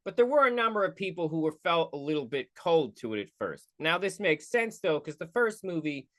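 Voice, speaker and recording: A man's voice: on the high side, sing-song, fairly quick, fairly bright tone. A man hosting a casual solo film review podcast, goofy and rambling, often interrupting himself. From United States. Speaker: podcast host.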